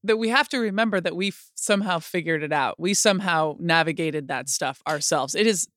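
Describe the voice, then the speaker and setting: A woman co-hosting a podcast, speaking in a calm, measured, reassuring way. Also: on the low side. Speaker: podcast co-host. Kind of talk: casual chat.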